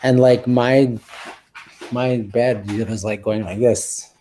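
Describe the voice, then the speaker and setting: Rambling older man, dark voice. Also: medium pitch, steady tone, slow, a little hiss or hum. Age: about 60. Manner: rambling, full of "like" and "you know". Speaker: health and wellness guest. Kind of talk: casual radio chat.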